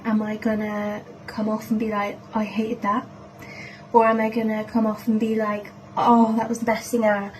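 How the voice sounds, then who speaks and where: A woman's voice: fairly high pitch, darkish tone, slight background noise, poor audio. A woman in her thirties recapping an event in a vlog, emotional and gushing, rambling with restarts. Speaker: vlogger.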